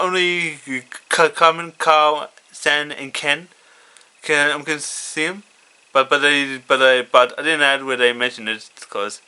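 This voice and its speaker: A man casually reading his own fan story, halting and stuttering with many fillers. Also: mid-range voice, bright, forceful tone, clear, resonant tone. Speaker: fan fiction reader.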